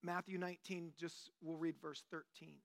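A man nearing fifty leads a church group study with an easygoing, joking delivery full of fillers. His voice sits high for a man. He talks like he's chatting with friends while teaching. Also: moderate pace. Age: 40s. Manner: relaxed, joking, conversational preaching with fillers. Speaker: lay teacher. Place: church meeting room.

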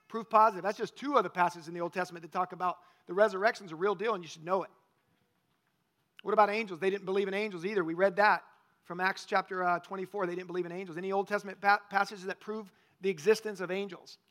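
A man's voice: sits high, fairly even intonation, fast talker, a bit bright. A male pastor preaching a conversational sermon, often asking the congregation questions.

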